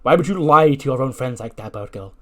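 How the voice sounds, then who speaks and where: A man voicing a cocky, overbearing female wrestler who talks down to her partner in a loud, teasing way. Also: medium pitch, expressive, brisk. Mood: bossy, condescending.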